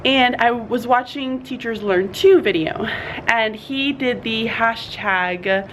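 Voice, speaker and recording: A woman's voice: fairly high pitch, slow, slight background noise. A woman teacher vlogging in her classroom in the morning, chatty and earnest, tired and yawning, saying y'all and laughing often. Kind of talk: casual morning vlog.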